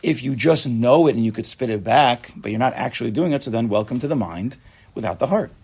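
A man's voice: medium pitch, animated, brisk, darkish tone, breathy edge. A man giving a casual, chatty Torah class, joking and mixing Hebrew and Yiddish terms into his talk.

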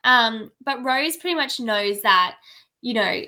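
Bright, enthusiastic young woman. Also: a little high, animated, slow pace. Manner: enthusiastic, agreeing often, fillers like "um" and "like". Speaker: book discussion co-host. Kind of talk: casual book chat.

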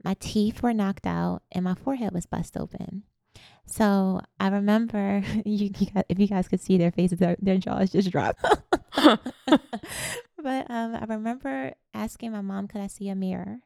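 A woman guest recounting a personal story in conversation, animated and laughing at times. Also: medium pitch, measured pace, gravelly, smooth, dry recording, studio quality. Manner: animated, laughs while telling stories. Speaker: podcast guest.

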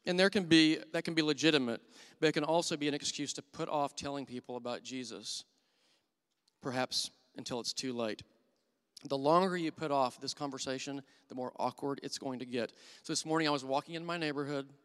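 A man's voice: mid-range voice, brisk, fairly bright tone, clean tone. A middle-aged man preaching a sermon as a church elder, telling candid and self-deprecating stories. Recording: long hall reverb.

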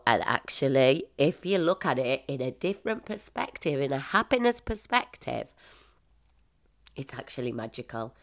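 A middle-aged woman, a motivational speaker, telling stories in a lively casual monologue and acting out quotes with laughter. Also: rumbling low, normal speed. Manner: animated, laughing, acts out quotes with big swings.

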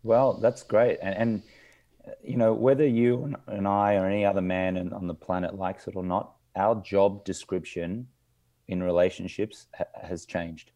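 Deep, mellow-voiced male podcast host. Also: steady tone, lo-fi sound. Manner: measured, hesitant, many ums and restarts. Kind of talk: casual interview.

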